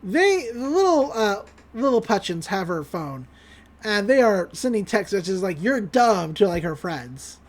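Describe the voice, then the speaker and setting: A woman's voice: mid-range voice, very animated, a little slow. A woman podcast host giving a casual, chatty recap of a cartoon episode and acting out the lines as she goes. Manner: chatty, full of fillers, acts out quotes.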